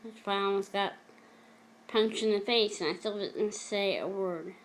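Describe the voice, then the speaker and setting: A woman vlogger talking earnestly and emotionally to camera in a personal confessional video, at times halting. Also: mid-range voice, steady tone, slight background noise. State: emotional, close to tears.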